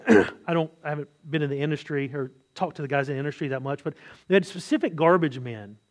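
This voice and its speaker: A man with a fairly high voice delivers a sermon in a loose, conversational style. He keeps asking the listeners rhetorical questions and often restarts his sentences mid-thought. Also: fast talker. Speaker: preacher. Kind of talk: expository sermon.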